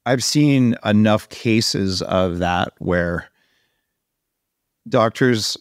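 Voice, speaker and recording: A man's voice: fairly low pitch, drawn-out words, no room sound, studio quality. A middle-aged man hosting a podcast interview, talking in a casual, emphatic way. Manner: animated, emphatic when making a point. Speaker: podcast host. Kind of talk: conversational interview.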